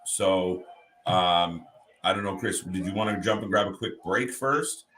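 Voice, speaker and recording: Polite low-voiced man running the schedule. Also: fairly bright tone, slight background noise, poor audio. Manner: polite, organizing, quick to apologize. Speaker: show organizer keeping the schedule. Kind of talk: casual live-stream chat.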